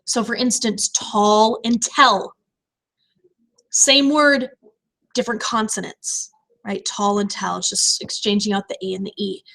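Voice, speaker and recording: A woman teacher explaining poetry terms in a recorded lecture, slowing down to stress key words. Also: mid-range voice, steady tone, vocal fry, a bit bright.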